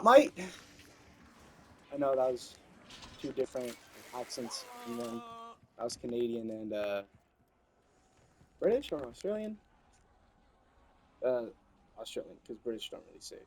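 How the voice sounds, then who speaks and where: A young man hosting his gaming channel, giving chatty, excitable commentary with playful asides. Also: mid-range voice, unhurried, pauses often, poor audio. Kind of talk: casual gameplay commentary.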